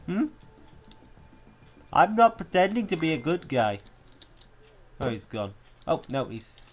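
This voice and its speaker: A young man narrates his gameplay at an unhurried pace, teasing and mock-threatening the characters on screen. He swears freely and keeps a joking tone, with a faint hiss of noise under his voice. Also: on the high side, big pitch swings. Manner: playful, mock-menacing, swears a lot. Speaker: gaming YouTuber. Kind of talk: gameplay commentary.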